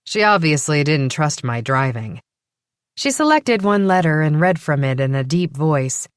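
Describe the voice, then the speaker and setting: A woman with a lowish voice reads a first-person audiobook in a dry, matter-of-fact way. Her delivery is still lively and varied in its ups and downs. The recording is close and completely dry, with no room sound. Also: a little slow, clear, resonant tone, no room sound. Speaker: audiobook narrator. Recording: dry studio close mic.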